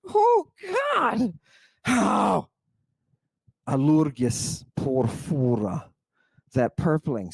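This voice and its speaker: A man's voice: a little high, a little mellow, no echo. A man giving a livestream lecture on ancient texts, theatrical and exclamatory, addressing his listeners as a congregation.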